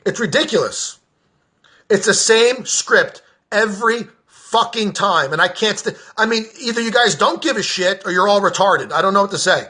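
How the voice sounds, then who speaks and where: A man podcaster giving a heated, profane political rant straight to camera, openly shouting. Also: sits high, moderate pace, hardly any pauses.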